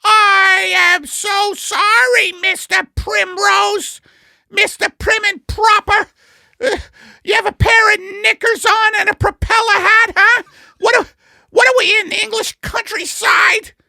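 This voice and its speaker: Margaret, a shrill scolding wife. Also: male voice, fairly even intonation, slow, gravelly, no echo, full character voice. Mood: indignant yelling. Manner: shrill, scolding falsetto, bursts into shouting. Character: fussy middle-aged wife Margaret, prim and scolding. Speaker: comedy podcast co-host. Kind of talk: improvised comedy sketch.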